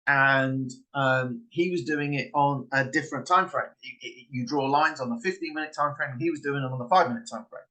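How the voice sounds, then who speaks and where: A man's voice: medium pitch, a little fast, hardly any pauses, pushed and bright, low-quality recording. A man in a casual, rambling monologue, acting out little scenes and often repeating himself. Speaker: online trading coach.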